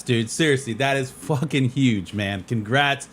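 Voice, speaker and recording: A man talks to his chat during a live gameplay stream. His voice sits at an ordinary middle pitch, and he gets easily excited, packing his talk with "dude" and "man." He is recorded close on a desk microphone at a home setup. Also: a little slow. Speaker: game streamer.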